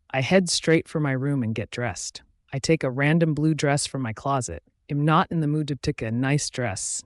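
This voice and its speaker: A man's voice: medium pitch, dry recording, clean studio sound. Man reading a romance audiobook. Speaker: audiobook narrator. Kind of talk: scripted first-person narration.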